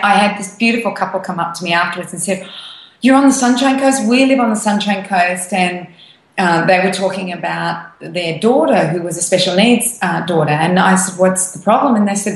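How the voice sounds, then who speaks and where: A woman co-hosting a podcast, chatty and full of anecdotes. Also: lowish voice. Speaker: podcast co-host. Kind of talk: casual chat. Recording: roomy echo.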